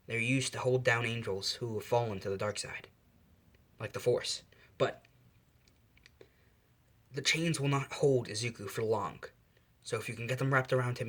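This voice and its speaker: A man voicing a male angel father who gives long, grave warnings in a low, quiet voice, in a fan storytelling video. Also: natural voice.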